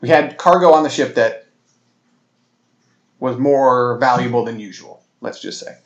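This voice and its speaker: A man hosting his own podcast, telling a story in a rambling, animated way with many restarts and self-corrections. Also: medium pitch, a little slow, reverberant, lo-fi sound. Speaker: podcast host. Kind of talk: solo casual storytelling.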